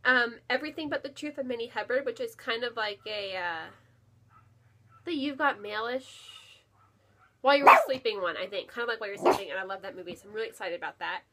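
A woman with a slightly high voice chats at home in a loose, eager way. She fills her talk with ums and likes and repeats words for emphasis. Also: fast talker, sharp tone. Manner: chatty and enthusiastic, with many fillers and repeated "really". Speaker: book vlogger. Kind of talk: casual chat. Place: home, near her bookshelf.

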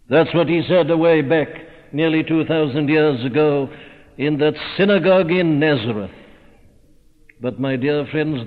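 A man preaching in a slow, stately, measured way that swells with force at moments. His voice sits fairly high and carries a long hall reverb. The recording is thin and phone-like, as from an old church tape. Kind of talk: sermon. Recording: tinny narrow-band recording in a reverberant hall.

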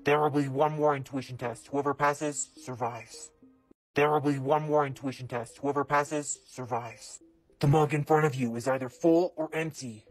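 A woman voicing an unseen, booming announcer who runs a deadly test, speaking in slow, ominous pronouncements. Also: steady tone, faint music behind.

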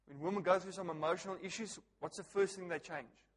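A high-pitched, fast-talking pastor delivers a sermon in a church hall, joking animatedly and laughing at his own stories. He keeps addressing the congregation with questions, and the hall's long reverb fills the recording.

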